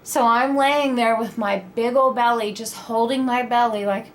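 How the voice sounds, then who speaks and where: A young adult woman telling a personal story in a casual, animated vlog style, acting out her own quoted reactions. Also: on the high side, normal speed, slight background noise. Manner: animated, dramatic retelling with quoted asides. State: pregnant (at the time told). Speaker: vlogger.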